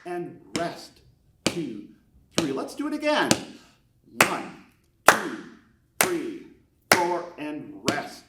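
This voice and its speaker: A man's voice: a little high, huge pitch swings, extremely slow, long pauses, heavy background noise. A man teaching beginners a brass lesson step by step, counting beats aloud and encouraging them. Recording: echoey room, mic at a distance.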